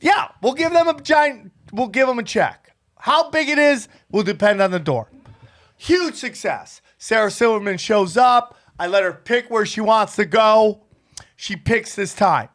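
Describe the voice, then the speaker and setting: High-voiced man telling a profane story. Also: unhurried. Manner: profane, animated anecdote-telling. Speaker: podcast host. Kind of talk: casual storytelling chat.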